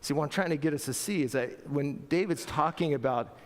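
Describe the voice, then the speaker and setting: Middle-aged male pastor, lively sermon delivery, high voice, big reverberant sanctuary. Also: a little fast. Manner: animated, playful, acts out voices with laughter. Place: church sanctuary. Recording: long church reverb.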